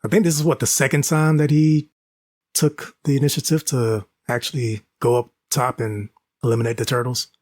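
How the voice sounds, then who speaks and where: Man, mid-pitched, dry close sound, podcast co-host, short reactive comments. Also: flat delivery, normal speed, a little mellow, no room sound. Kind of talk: casual chat.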